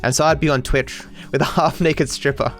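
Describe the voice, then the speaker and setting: A young Australian man giving casual commentary over a speedrun, sarcastic and self-deprecating, with sudden excited outbursts. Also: on the high side, moderate pace, faint music behind. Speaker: speedrunning streamer.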